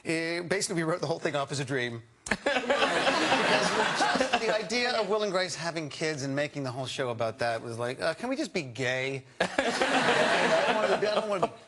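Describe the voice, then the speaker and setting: A man from Canada, an actor guest on a talk show, telling animated anecdotes and laughing often. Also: on the high side, brisk, heavy background noise. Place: TV studio with audience.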